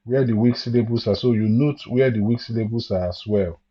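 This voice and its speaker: A man's voice: medium pitch, brisk, dull audio. A man teaching an online music theory lesson, explaining step by step and reading lyrics aloud to show where the stress falls. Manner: explains step by step, repeats key points, reads words aloud to show stress.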